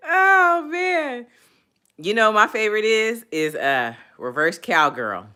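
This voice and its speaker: A woman hosting a casual livestream, reading chat comments aloud and laughing loudly between remarks. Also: a little high. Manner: loud laughing, playful, animated. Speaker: livestream host.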